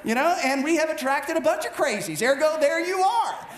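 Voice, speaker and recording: A man preaching a storytelling sermon as pastor, animated and self-mocking, with many quick restarts. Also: extremely high pitch, some chatter behind. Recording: echoey room with faint background noise.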